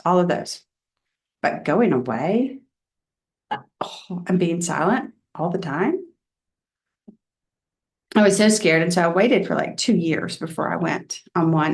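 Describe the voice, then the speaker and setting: A woman reverend giving a personal Dharma talk in a candid, reflective storytelling way. She often drops soft and quiet. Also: fairly low pitch, lively intonation, moderate pace, long pauses.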